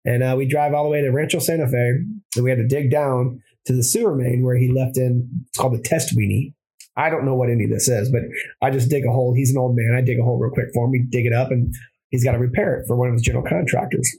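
A husky-voiced man tells his story at a rapid clip, circling back and correcting himself as he goes. He is a plumber and former Marine chatting casually in an interview. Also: mid-range voice, fairly even intonation, dark tone, low-quality recording. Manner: rambling, with restarts and self-corrections.

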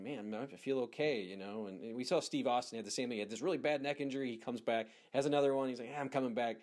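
Man, interviewer, casual chat, medium pitch, friendly. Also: darkish tone.

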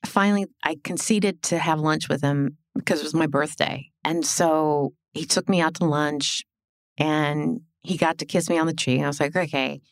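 A middle-aged woman telling her life story as a podcast guest, animated and blunt, swearing and acting out what people said. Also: deep voice, normal speed. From Illinois. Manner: animated, swearing, acts out quoted dialogue. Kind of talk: casual storytelling interview.

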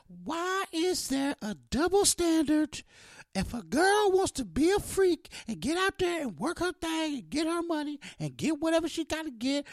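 A man putting on a high, sultry woman's voice to muse about double standards. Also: dry recording, clean studio sound, full character voice. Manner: high breathy put-on voice.

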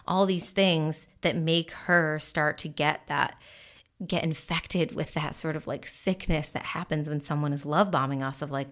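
Low-voiced woman talking about relationships. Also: fairly even intonation, unhurried, fairly bright tone. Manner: chatty, lots of "like" and "you know", acts out quotes. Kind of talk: casual commentary on relationships.

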